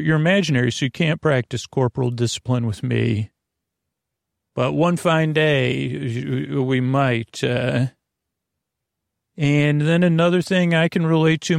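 A man with a gravelly, mid-pitched voice hosts a comic monologue, wandering from thought to thought with fillers and false starts. He stretches quoted phrases into slow, half-sung lines. The recording is dry and close. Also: dry recording. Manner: halting, full of fillers and restarts, sings quotes slowly. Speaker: comedy podcast host.

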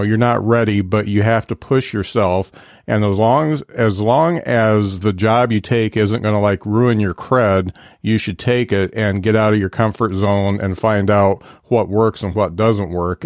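A male podcast host talks thoughtfully, turning a guest's story into advice for newer comics. His voice sits on the low side and sounds dry and close, with no room echo. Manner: reflective, gives advice to new comics. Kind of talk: casual interview talk.

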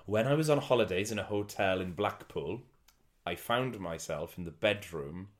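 Man, Welsh accent, lowish pitch, podcast chat, playful verse reading. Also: measured pace, pauses often. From Wales. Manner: animated, reads verses aloud with comic emphasis. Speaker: podcast guest.

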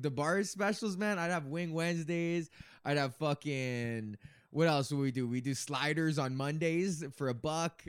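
A man's voice: mid-range voice, clean tone, no room sound. Podcast host, man around thirty, loose profane rambling, dry room sound. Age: 30s. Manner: profane, meandering, laughs often. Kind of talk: rambling casual monologue.

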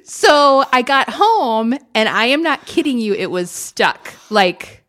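A woman's voice: a little high, slow pace. A woman co-hosting a podcast, telling stories in casual chat, laughing often and acting out what others said. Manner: animated storyteller, laughs often and acts out quotes. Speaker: podcast co-host.

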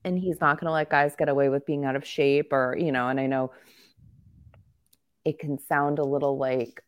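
A woman's voice: sits low, fairly quick. A woman co-hosting a sports podcast, talking in a candid, joking and rambling way in casual chat, with a slight cough. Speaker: podcast co-host.

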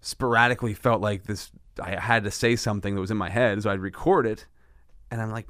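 A fairly low-voiced man hosting a podcast, chatting in a loose, animated way. He restarts sentences often and laughs easily. The sound is dry and close, with no room around it. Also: a little fast, no echo. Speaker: podcast host. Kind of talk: casual conversation.

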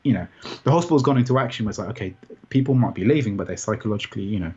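A man recounting a personal experience in an interview, rambling and halting with many restarts. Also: lowish voice, lively intonation, a little mellow, breathy edge. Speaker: interview guest. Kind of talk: personal story in conversation. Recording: dull, muffled sound.

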